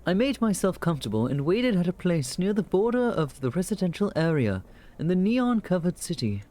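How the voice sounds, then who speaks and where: A man's voice: high voice, sing-song, a little fast, dark tone, voice pushed up. A man voicing a young male main character with a put-on vaguely British accent, narrating a visual novel in the first person.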